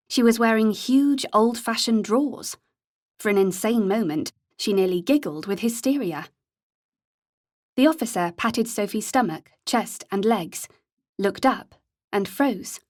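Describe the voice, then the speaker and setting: Woman reading an audiobook, steady and measured, mid-pitch, dry close mic. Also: no room sound. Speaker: audiobook narrator. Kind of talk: scripted narration.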